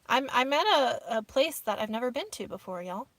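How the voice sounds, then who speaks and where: A woman's voice: on the high side, lively intonation, normal speed, a bit bright, dry recording. A woman chatting casually on a live stream from her minivan, reading viewer comments aloud and calling them "y'all". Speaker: vlogger hosting a live stream. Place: inside her minivan, camping off grid outdoors.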